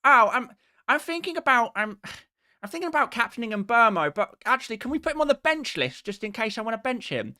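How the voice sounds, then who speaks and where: A high, nagging, whiny fan voice, pleading and dithering over every small choice, put on by a man. The tone is pushed well up and sits a bit louder than his own talk. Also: sing-song, fairly quick, full character voice. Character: whiny, needy adult male fantasy-football fan.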